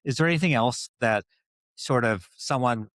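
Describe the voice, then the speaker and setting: A man's voice: medium pitch, normal speed, a bit bright, no echo, studio quality. A man hosting a podcast, asking rambling questions and summing up the talk with frequent restarts. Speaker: podcast host. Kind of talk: casual podcast interview.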